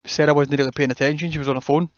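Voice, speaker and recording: A man's voice: on the high side, steady tone, very fast, no echo. A Scottish man co-hosting a casual sports chat, mostly giving short replies of agreement. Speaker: co-host. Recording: dry, dull lo-fi sound.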